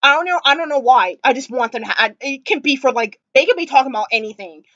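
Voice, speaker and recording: Woman vlogger rambling and gushing, lots of likes and ums, kinda highish voice, dull sound. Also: animated, fast talker, fairly bright tone, dry recording. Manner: gushing, rambling, many fillers. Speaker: vlogger reviewing a TV episode. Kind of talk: casual chat. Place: at home, sitting on the floor.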